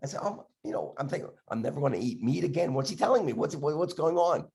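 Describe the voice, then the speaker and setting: An older man, a dentist with a cough from a respiratory illness, telling stories in a podcast chat, acting out the voices in his anecdotes with halting restarts. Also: on the high side, animated, creaky, a little mellow. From Philadelphia area, USA. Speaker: dentist guest.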